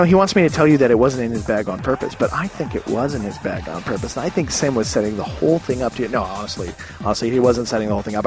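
Rambling man telling a trip story. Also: mid-range voice. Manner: rambling and animated, swearing freely. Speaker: podcast host. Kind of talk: casual storytelling monologue. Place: hostel room.

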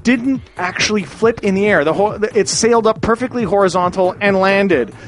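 A Canadian man rants in a rambling, profane way, restarting often and bursting into sudden exclamations. His voice sits high and he speaks at a moderate pace.

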